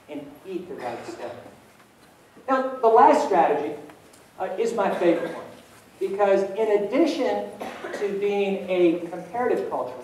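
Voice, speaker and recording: High-voiced man speaking in an echoey hall. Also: far from the mic. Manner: animated, humorous storytelling. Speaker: motivational speaker. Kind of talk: motivational keynote talk.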